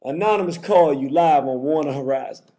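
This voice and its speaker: Male call-in host, high voice, fervent preacher-like rhythm. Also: a little fast, warm tone. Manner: fervent, repetitive, preacher-like cadence. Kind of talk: call-in show.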